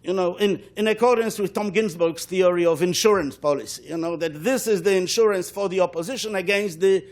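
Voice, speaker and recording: Man, law professor, high voice, panel talk, measured, repeats words while thinking.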